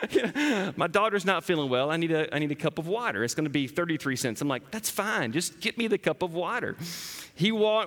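Man, 30s, high bright voice, lively self-deprecating sermon storyteller, hall reverb. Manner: animated, self-deprecating storyteller, laughs often.

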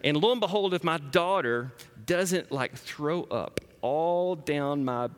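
Man, 30s, high bright voice, lively self-deprecating sermon storyteller, hall reverb. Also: takes it slowly, smooth. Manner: animated, self-deprecating storyteller, laughs often.

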